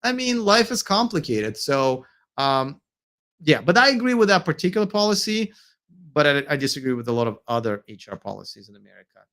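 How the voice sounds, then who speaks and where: Man, casual live-stream host, hesitant, filler-heavy, mid-pitched voice. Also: sing-song, a little fast, fairly bright tone. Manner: hesitant, many fillers and restarts. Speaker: host reading viewer comments.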